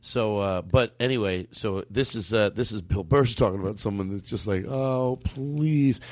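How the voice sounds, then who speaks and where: Laid-back man, mid-pitched, dry sound. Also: brisk, no echo. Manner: laughing, easygoing, gives playful orders. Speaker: podcast host. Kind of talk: casual chat.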